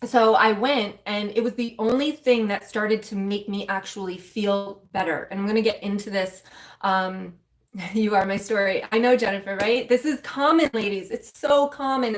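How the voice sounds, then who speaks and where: A woman mentor and coach candidly telling her own story to viewers on a live stream, emotional and speaking straight to them in a loose, conversational way. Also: on the high side. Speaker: mentor and spiritual coach for women.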